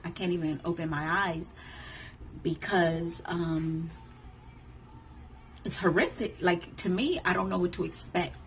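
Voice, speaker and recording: A woman in her thirties tells a painful personal story to camera in a lowish voice. She talks emotionally, acting out the lines of the people around her. Faint noise sits under the recording. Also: poor audio. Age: 30s. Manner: emotional, animated retelling that acts out others' lines. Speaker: vlogger.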